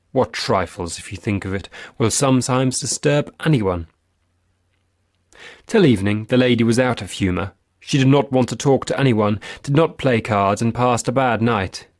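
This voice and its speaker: A man reading a classic story aloud as an audiobook narrator, in a measured storytelling way. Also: on the low side, no room sound, clean studio sound.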